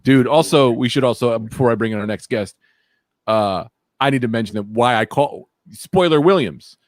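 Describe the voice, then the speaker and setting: A man's voice: medium pitch, lively intonation, moderate pace, no echo, clean studio sound. Hyped, profane male podcast host. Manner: loud, profane and hyped, swinging between shouts and mumbles. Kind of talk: casual podcast chat.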